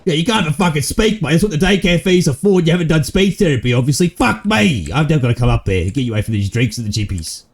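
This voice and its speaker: A man's voice: fairly high pitch, sing-song, quick pace, hardly any pauses, husky. A man with an Australian accent, swearing and bantering in a roleplay game stream. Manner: crude, swearing banter in broad slang. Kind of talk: roleplay gaming chat.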